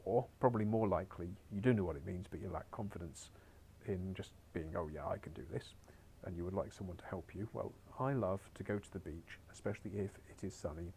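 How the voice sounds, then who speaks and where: A man's voice: deep voice, mellow, a little hiss or hum. A man teaching a beginners' Spanish lesson on a recorded screen share, chatty and encouraging with wry asides.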